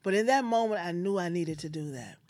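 A woman's voice: fairly low pitch, animated, a little fast, a little mellow, no room sound. A woman hosting her own show, telling a personal family story in an earnest, heartfelt way. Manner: heartfelt, earnest, quotes others with feeling. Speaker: host.

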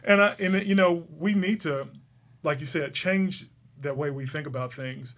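A man's voice: on the high side, unhurried. A middle-aged man hosting a casual interview, talking earnestly and emotionally with many restarts. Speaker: host.

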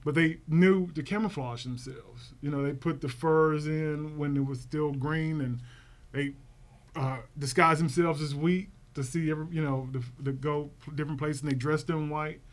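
Animated man reviewing films. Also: fairly high pitch, normal speed. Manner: animated, acts out film lines. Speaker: podcast co-host. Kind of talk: casual movie review chat.

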